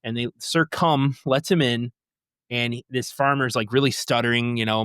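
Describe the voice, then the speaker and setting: A man's voice: mid-range voice, fairly even intonation, moderate pace, a bit bright, clean tone, no room sound, clean studio sound. A man co-hosting a podcast, casually retelling a film's plot in a rambling way and acting out quotes. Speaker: podcast co-host. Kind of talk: casual movie recap chat.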